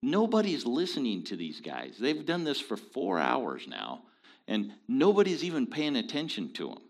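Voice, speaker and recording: A man leading a casual Bible study, explaining scripture in an animated, folksy, joking way. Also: medium pitch, moderate pace, vocal fry.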